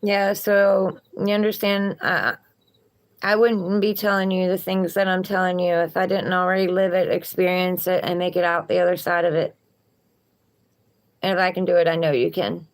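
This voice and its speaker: A woman's voice: on the low side, little pitch movement, normal speed. A woman with a Southern accent, reading tarot cards on a live stream and chatting encouragingly with viewers. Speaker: tarot reader.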